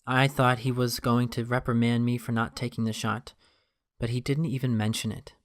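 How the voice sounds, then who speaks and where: A man narrating a first-person story in a steady, even reading voice. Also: mid-range voice, moderate pace.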